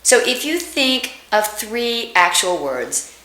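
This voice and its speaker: A woman, an acting coach giving a lesson and slowly sounding out vowels to demonstrate them. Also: mid-range voice, sing-song, bright, forceful tone. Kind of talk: accent reduction lesson. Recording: echoey room.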